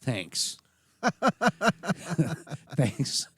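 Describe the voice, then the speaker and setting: A man's voice: a little high, sing-song, drawn-out words, husky, dry recording. A man co-hosting a podcast in casual chat, blunt and rambling, swearing freely as he tells stories. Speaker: podcast co-host.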